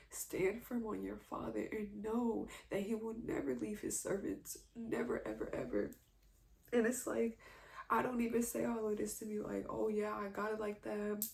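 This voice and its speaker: A woman's voice: medium pitch, vocal fry, a little mellow, a little hiss or hum. A twenty-one-year-old woman giving a heartfelt faith testimony, earnest and emotional, tearful at times. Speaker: vlogger sharing a faith testimony.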